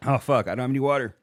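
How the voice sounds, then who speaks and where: This is a man in his thirties chatting casually as a podcast host, swearing often and laughing as he tells stories. His voice sits at an ordinary middle pitch. The sound is dry and close, with no room around it. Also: a bit bright, no echo. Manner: profane, laughing storyteller. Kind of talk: casual chat.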